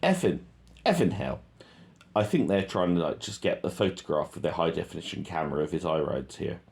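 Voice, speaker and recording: A man's voice: low voice, fast talker, vocal fry, darkish tone. A man reading a transcript aloud and commenting on it, in an offhand way with many ums and self-corrections. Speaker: reader and commentator.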